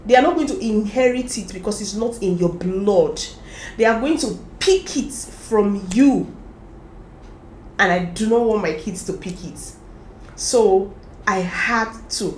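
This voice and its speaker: A woman, talking straight to camera in a chatty, advice-giving way. Her voice sits at an ordinary middle pitch. The room around her is echoey, with a faint hum of noise underneath. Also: unhurried. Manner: chatty, advising viewers directly, animated laughter. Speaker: lifestyle vlogger. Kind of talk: casual talk to camera.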